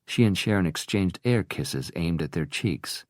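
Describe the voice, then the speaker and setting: A man narrating an audiobook in a steady, even storytelling manner. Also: sits low, unhurried, no room sound, clean studio sound.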